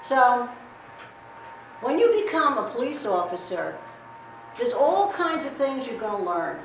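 A woman's voice: on the high side, sing-song, a little slow. A middle-aged woman giving a blunt, streetwise safety talk to a class, repeating herself as she demonstrates. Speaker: guest speaker on safety. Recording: echoey room recorded from far, noisy.

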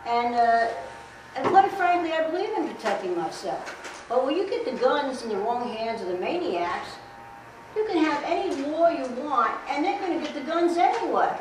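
A woman's voice: high-pitched, big pitch swings, moderate pace. A middle-aged woman giving a blunt, streetwise safety talk to a class, repeating herself as she demonstrates. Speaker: guest speaker on safety. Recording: echoey room recorded from far, noisy.

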